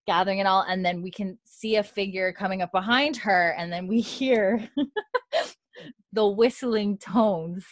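A chatty female podcast co-host walks through an episode's scenes, full of fillers and casual swearing. Her mid-pitch voice is recorded close, very dry and echo-free, at a moderate pace with few pauses.

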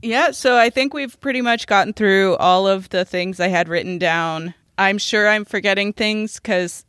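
A woman in relaxed podcast chat, playful and quick to laugh. Her voice sits at an ordinary middle pitch and comes through close and dry, with no room sound around it. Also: no room sound. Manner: laughs often, playful and chatty. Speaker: podcast co-host. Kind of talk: casual chat.

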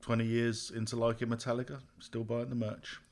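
A man's voice: mid-range voice, level tone, a little fast, a little mellow. A man co-hosting a casual podcast chat, easygoing and enthusiastic. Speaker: podcast co-host.

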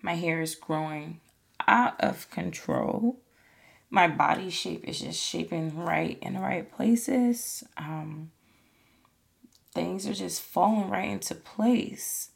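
Low, gravelly-voiced woman talking casually. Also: slow pace. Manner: chatty, full of "like" and "you know"; earnest and encouraging. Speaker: podcast host. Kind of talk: casual motivational monologue.

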